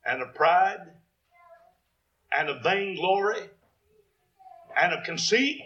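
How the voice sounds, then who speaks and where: A man preaching a sermon in a fairly high voice, taking his time. He quotes scripture in old-fashioned wording and swells to emphatic peaks. The recording sounds dull and lo-fi. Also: lively intonation, slow, pauses often, pushed and bright.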